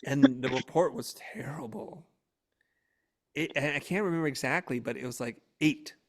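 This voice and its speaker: A man's voice: a little high, normal speed, creaky. A middle-aged man, an interview guest, telling a casual family story and acting out the dialogue animatedly. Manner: animated, acts out dialogue in raised voice.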